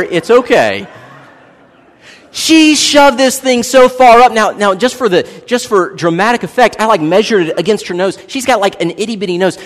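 A man in his thirties preaching a sermon as a pastor, animated and joking as he tells a family story. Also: high voice. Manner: animated, joking, acts out voices in anecdotes. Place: church hall. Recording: long hall reverb.

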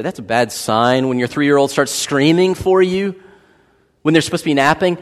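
A man in his thirties preaches with an animated, joking manner, weaving a family story into his sermon. His voice sits high and swoops widely in pitch. A long reverb from the church hall trails after each phrase. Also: moderate pace. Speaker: pastor.

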